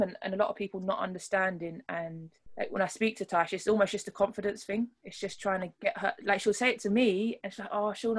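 A woman rugby player talking in an interview, earnest and thoughtful, often restarting her sentences as she works through a point. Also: mid-range voice. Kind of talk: interview conversation.

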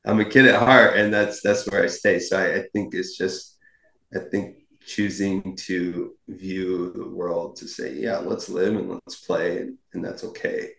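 Low-voiced reflective man, echoey room. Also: unhurried, creaky. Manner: relaxed, reflective, playful. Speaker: podcast guest, dancer. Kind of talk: casual podcast conversation.

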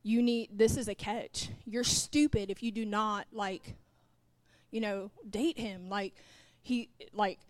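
A pastor's wife in middle age preaches slowly in a steady, mid-range voice, captured in a dry recording. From the pulpit she narrates a personal story, acts out what was said, and speaks directly to the congregation.

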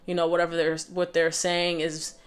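A woman's voice: lowish voice, monotone, normal speed, smooth. A young woman vlogger telling a personal story in a casual, conversational way, with lots of fillers and restarts.

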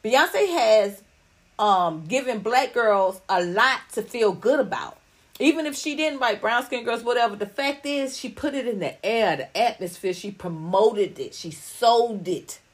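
A woman's voice: fairly high pitch, lively intonation, a little slow. A middle-aged woman hosting a podcast, talking casually to viewers in a blunt, profane and preachy way. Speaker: podcast host. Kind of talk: casual livestream talk to viewers.

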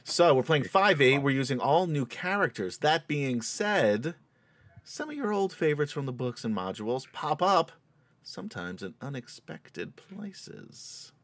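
A man's voice: fairly high pitch, sing-song, measured pace. Chatty man running a tabletop game. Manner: chatty, laughing, lots of fillers. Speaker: game master. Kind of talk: hosting and narrating a tabletop game stream.

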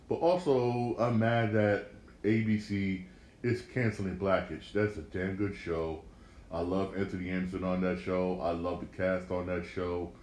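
With a lowish, slightly mellow voice, this solo podcast host improvises casually, cursing freely, repeating himself, and tripping into restarts. The sound carries an echo from the room plus a faint ambience.

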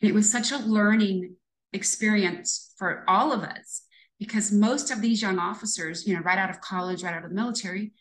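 A woman's voice: mid-range voice, moderate pace, poor audio. Brief: woman in her fifties, retired cop guest, earnest reflective storyteller, mid-range voice. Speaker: retired police lieutenant guest. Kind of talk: conversational storytelling interview.

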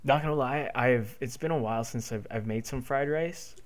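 A man of middling pitch talks as a guest on a casual podcast. He hesitates and restarts a lot, in a relaxed, friendly way. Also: normal speed. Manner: hesitant, restarts often, laid-back. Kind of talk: casual chat.

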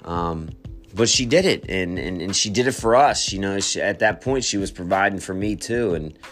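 A deep-voiced man quietly tells his personal testimony, faltering, repeating words and restarting sentences while he searches for what to say. Soft, faint music plays behind his reflective storytelling.

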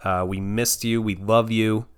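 A man's voice: fairly low pitch, steady tone, unhurried, smooth. A man co-hosting a podcast in a casual, playful chat, swearing freely. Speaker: podcast co-host.

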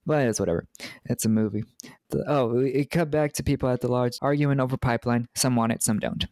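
Chill dude with a gravelly voice, roasting movie scenes, super dry close mic. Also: male voice, medium pitch, a little mellow, no room sound. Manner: laid-back, profane, joking, recaps scenes in mock quotes. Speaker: podcast co-host. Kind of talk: casual movie recap chat.

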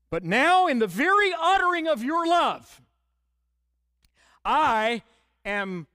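A man preaching a sermon as pastor, slowing down and lifting his voice to stress key words. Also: high-pitched, no room sound. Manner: expressive preaching, slowing and rising for emphasis.

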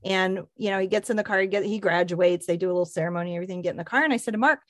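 Brief: woman host, lively storyteller, dry close sound, does the voices in her anecdotes. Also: medium pitch, racing, few pauses, no room sound. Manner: animated storyteller, acts out quoted voices. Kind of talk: casual faith-based chat.

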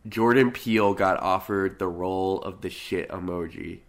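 A man's voice: low-pitched, moderate pace. A man talking as a podcast guest in casual chat, sardonic and swearing freely.

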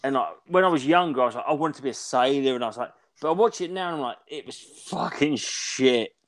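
A man in his forties, a podcast co-host, rambling and swearing as he tells animated stories in casual chat. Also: mid-range voice, fast talker. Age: 40s.

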